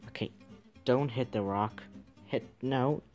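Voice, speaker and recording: A man's voice: mid-range voice, takes it slowly, a little mellow, faint music behind. A man giving let's-play commentary, muttering to himself and swearing casually as he plays. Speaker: gaming video creator.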